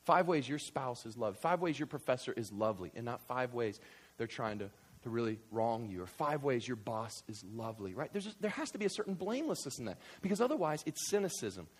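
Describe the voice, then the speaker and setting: A man's voice: medium pitch, brisk, slightly rough. A man preaching a sermon, acting out everyday small talk and repeating "right?" as he goes. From New York. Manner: animated, acts out everyday banter, rising to shouts. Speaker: pastor.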